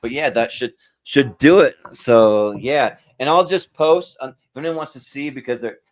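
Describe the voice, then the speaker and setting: Casual male podcast host, mid-pitch, loose rambling delivery. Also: normal speed. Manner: rambling, many fillers and restarts. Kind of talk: casual chat.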